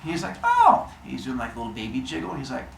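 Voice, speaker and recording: A man's voice: mid-range voice, very fast, gravelly. A man telling myths to a live audience in a playful, joking way, quizzing his listeners as he goes, recorded from a distance in an echoey room with faint noise. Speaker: storyteller. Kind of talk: lively storytelling to a live audience.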